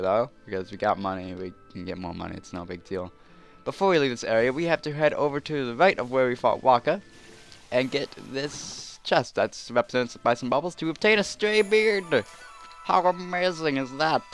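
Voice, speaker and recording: A man's voice: medium pitch, a bit bright. A man commentating his let's play in a rambling, self-deprecating way, full of fillers.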